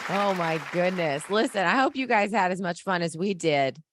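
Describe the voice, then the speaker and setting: A woman's voice: lowish voice, expressive, moderate pace, a crowd in the background, background noise. Upbeat woman hosting a podcast. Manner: upbeat, playful interviewer. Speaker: podcast host. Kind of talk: casual chat.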